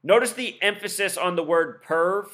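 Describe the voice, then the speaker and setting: A man explaining his theories in a solo video, rattling off numbers quickly and insistently, with scornful asides. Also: high voice, a bit bright. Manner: rapid-fire, insistent, admits talking too fast; lists numbers and codes in rapid bursts. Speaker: video commentator.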